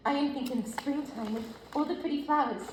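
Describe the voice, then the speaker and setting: A woman's voice: high-pitched, fast talker, lightly acted. A woman reading the part of a grieving young girl, earnest and pleading, at a script read-through. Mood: gentle. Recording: roomy echo with loud noise.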